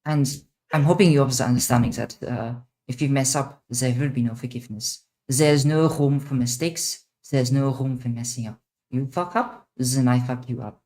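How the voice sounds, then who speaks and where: A woman streamer voicing a menacing female villain who threatens slowly and teasingly. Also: rumbling low, warm tone. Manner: slow, taunting, intimidating.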